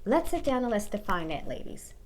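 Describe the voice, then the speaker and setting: A woman's voice: fairly high pitch, big pitch swings, fairly quick, a little mellow, a little hiss or hum. Blunt, profane woman giving dating advice. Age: 30s. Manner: blunt, profane, talks straight to the viewer. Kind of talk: casual advice monologue.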